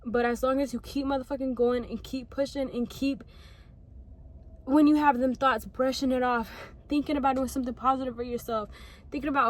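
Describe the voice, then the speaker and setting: A woman's voice: high-pitched, steady tone, fairly quick. Emotional young woman vlogging from her car. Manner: earnest, emotional, swears freely. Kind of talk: heartfelt pep talk to camera. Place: parked car.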